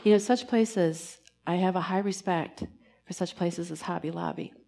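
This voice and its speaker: A woman giving a sermon in church, earnest and pastoral, moving between emphatic lines and hushed, almost whispered ones. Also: fairly low pitch, normal speed, gravelly. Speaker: preacher.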